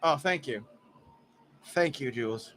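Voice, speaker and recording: A man's voice: medium pitch, unhurried, a bit bright, soft background music. A young man giving casual, blunt and profane play-by-play commentary from a ballpark. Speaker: fan livestream commentator. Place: ballpark stands.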